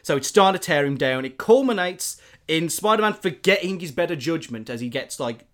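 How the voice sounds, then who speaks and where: Dude telling a story, excited, all over the place. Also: male voice, on the high side, brisk. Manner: animated, rambling storyteller with many fillers. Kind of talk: casual plot retelling.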